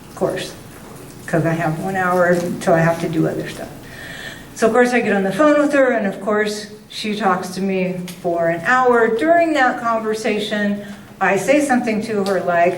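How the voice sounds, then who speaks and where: An older woman giving a guest talk, telling a funny, self-mocking story in a chatty, animated way. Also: medium pitch, moderate pace, slight background noise. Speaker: guest speaker. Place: meeting hall. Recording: roomy hall, distant mic.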